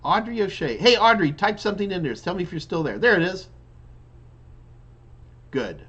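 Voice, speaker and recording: A man's voice: sits high, expressive, moderate pace, pushed and bright, slightly rough. A man hosting a live question-and-answer stream, reading out viewer questions and answering them in a loose, chatty way with many restarts, yawning now and then. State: yawning repeatedly. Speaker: live Q&A host and IT trainer.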